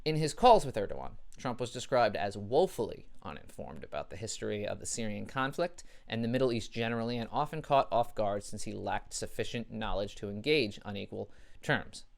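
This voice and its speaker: A man's voice: on the low side, expressive, brisk, creaky. A young adult man hosting a comedy show, delivering a satirical news monologue with dry, sarcastic jokes.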